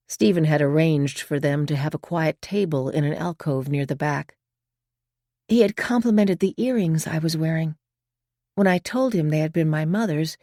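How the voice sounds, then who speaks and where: A woman reads a suspense audiobook in a calm, measured way, her voice sitting low. The recording is dry and close, as from a booth with no room sound. Her storytelling is steady and unhurried. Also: no echo. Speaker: audiobook narrator. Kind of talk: scripted audiobook narration.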